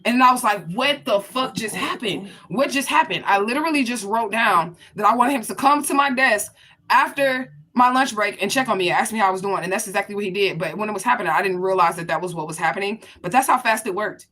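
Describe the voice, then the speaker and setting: Addressing her viewers head-on, a spiritual reader offers a casual, chatty reading full of blunt talk and profanity. She's a fast talker with a medium-pitched, bright, forceful voice.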